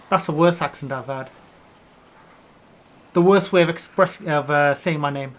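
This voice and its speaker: A man's voice: fairly high pitch, unhurried, pauses often. A man hosting a let's play, riffing jokingly in casual gameplay commentary from a home gaming setup. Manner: joking, rambling riffs on a word.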